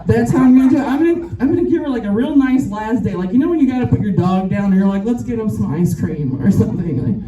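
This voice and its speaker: A woman's voice: on the high side, very fast, few pauses. A middle-aged woman performing a brash, profane stand-up comedy set with crowd work. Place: rooftop bar show with a live audience. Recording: echoey, distant mic, crowd noise.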